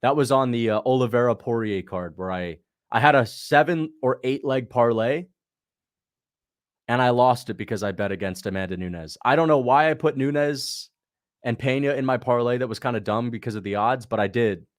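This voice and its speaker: Running a laid-back watch-along stream, this host uses slangy talk and responds to viewer questions. His voice is mid-range, at a moderate pace.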